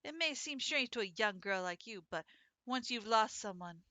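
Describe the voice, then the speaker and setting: A woman voicing a tough, stern female sparrow who rides a scooter, talking gruffly and lecturing. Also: a little high, expressive, moderate pace, bright, forceful tone, no room sound.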